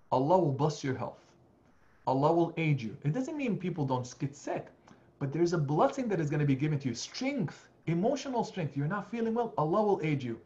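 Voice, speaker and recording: A man, an imam, giving a Sunday lecture on scripture in an earnest, animated way, often restarting his phrases. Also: fairly high pitch, muffled recording. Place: mosque community hall.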